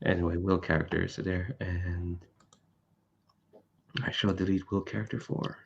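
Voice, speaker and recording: A man's voice: deep voice, moderate pace, gravelly, muffled recording, slight background noise. A man running a tabletop game session over an online call, chatting casually and telling stories with laughs. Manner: animated, laughing storyteller. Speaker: game master.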